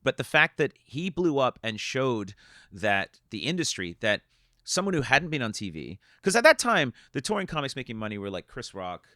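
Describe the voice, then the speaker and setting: A middle-aged man from Canada, a stand-up comedian guest telling animated stories in casual podcast chat. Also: mid-range voice, no room sound, studio quality. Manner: fast-talking, animated storyteller.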